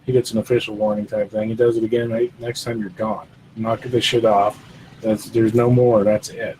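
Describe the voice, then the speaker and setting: Blunt, mellow-voiced man on a podcast. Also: lowish voice, level tone, normal speed, slight background noise, low-quality recording. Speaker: podcast co-host. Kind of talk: casual chat.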